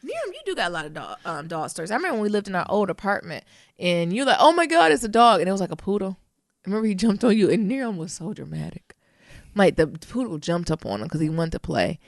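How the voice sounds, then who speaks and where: A woman's voice: on the low side, big pitch swings, quick pace, darkish tone, no echo, clean studio sound. A woman co-hosting a podcast, teasing playfully and acting out voices as she tells stories. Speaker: podcast co-host. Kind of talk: casual chat.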